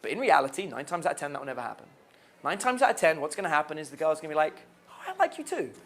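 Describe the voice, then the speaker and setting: A young man coaching on dating, talking in an animated way and acting out the lines he suggests. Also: on the high side, racing. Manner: animated, acts out quoted lines. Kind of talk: dating advice talk.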